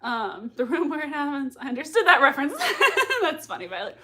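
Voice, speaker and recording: Excitable young woman, bright high voice. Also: a little fast, slight background noise. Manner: excitable, gushing, repeats herself. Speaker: livestream reaction host. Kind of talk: live reaction stream, reading chat.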